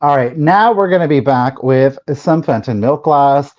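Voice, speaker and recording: A man co-hosts a live vintage sale over dull, lo-fi stream audio. His pitch swings widely as he jokes around. He trails off into fillers while he lists each item's details. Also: a little slow. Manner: lively, joking, trails off with fillers. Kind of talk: casual live-stream selling.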